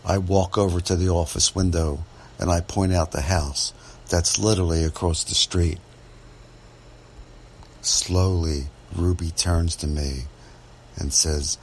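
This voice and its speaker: A man, a real estate agent, telling a true story from his work in a measured, dramatic way. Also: sits low, fairly even intonation, darkish tone, a little hiss or hum. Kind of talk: first-person storytelling podcast.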